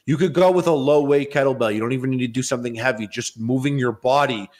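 A young man co-hosting a podcast, telling crude stories and ranting loudly with lots of swearing. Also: mid-range voice, quick pace. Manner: loud, rowdy, profane rants and storytelling. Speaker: podcast co-host. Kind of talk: crude casual podcast banter.

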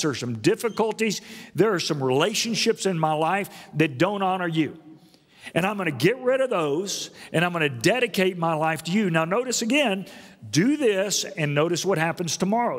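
A pastor delivering a sermon in a church, earnest, with slow, low passages and lifts to high, stressed words. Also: male voice, long reverb tail. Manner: earnest preaching, rises high and loud for emphasis, drops low and slow. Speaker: senior pastor. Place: church auditorium.

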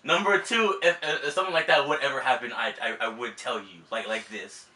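A man's voice: mid-range voice, fairly even intonation, fairly quick, sharp tone, a little hiss or hum. A young man filming a prank vlog at home, apologizing over and over and laughing nervously. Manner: apologetic, laughing, repeating himself. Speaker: prank vlogger. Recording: roomy home audio, mic at a distance.

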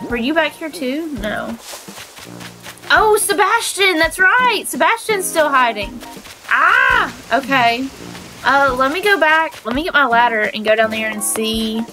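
Giggly high-voiced woman streamer, stuffy. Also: unhurried, music in the background, low-quality recording. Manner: excitable, giggly, squeals when finding players. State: stuffy from allergies. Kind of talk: live game stream chat.

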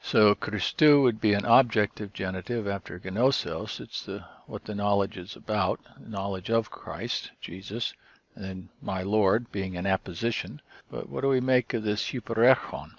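A man teaching, who explains each point step by step in a measured way with frequent pauses. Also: lowish voice, gravelly, dry recording, dull audio. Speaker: Greek teacher. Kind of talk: explanatory lecture.

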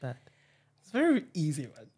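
A woman interviewer asking questions and running a word game, softly encouraging her guest. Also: low voice, huge pitch swings, brisk, husky. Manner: soft, encouraging backchannels.

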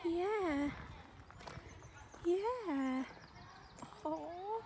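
A woman with a very high voice coos and gushes at animals in a slow, doting way. She is filming outdoors at a wildlife park, with a faint hum behind her. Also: animated, darkish tone. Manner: gushing, cooing baby talk to animals. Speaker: vlogger. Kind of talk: casual vlog commentary.

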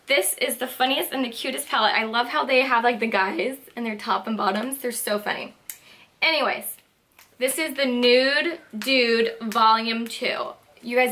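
Bubbly bright-voiced young woman gushing. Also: on the high side. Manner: gushing, excitable, lots of "like" and "so cute". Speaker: beauty vlogger. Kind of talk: casual product haul chat.

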